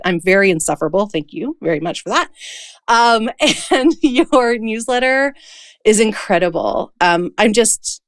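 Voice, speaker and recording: A woman's voice: mid-range voice, expressive, a little slow, no room sound, studio quality. A woman hosting a podcast, talking in a gushing, enthusiastic way with her guest. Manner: gushing, enthusiastic fan talk. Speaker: podcast host. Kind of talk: casual chat.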